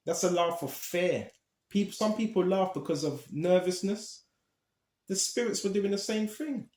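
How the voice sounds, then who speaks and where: A man preaching a Bible teaching, animated and emphatic, talking straight to his listeners. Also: sits high, measured pace, roomy sound.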